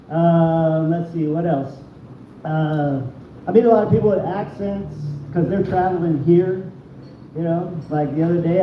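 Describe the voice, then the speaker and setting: Guy doing raunchy standup, high voice, dull echoey room. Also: recorded from a distance, a little hiss or hum. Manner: crude, laughing at his own jokes. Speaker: stand-up comic. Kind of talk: stand-up comedy set. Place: small comedy venue.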